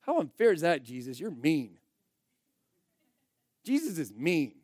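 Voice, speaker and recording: A man, a pastor, preaching a sermon in a conversational, emphatic way, swinging between loud bursts and quiet asides. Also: on the high side, sing-song, unhurried, no room sound, studio quality.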